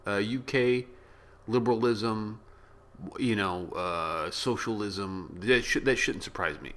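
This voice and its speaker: A man hosting a reaction video, rambling and joking in a casual way, now and then bursting into loud shouts. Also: lowish voice, takes it slowly. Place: small room with yellow walls.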